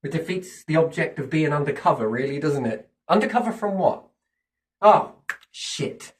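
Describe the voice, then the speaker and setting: A man's voice: a little high, normal speed. A man talking in a casual, rambling monologue, swearing freely and asking himself questions, then answering them. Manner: animated, profane, speculative, asks himself questions and answers them. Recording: distant from the mic.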